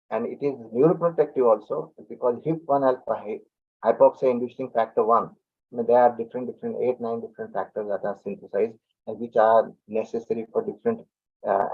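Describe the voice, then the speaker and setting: Man lecturing over tinny audio. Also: mid-range voice. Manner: animated, repeats words, restarts often. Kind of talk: public talk on yoga and science.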